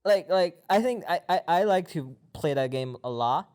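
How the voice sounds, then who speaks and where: A man's voice: on the high side, animated, normal speed, a little mellow, clear, resonant tone. Man repeating himself in casual chat. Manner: repeats words, restarts often. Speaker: guest.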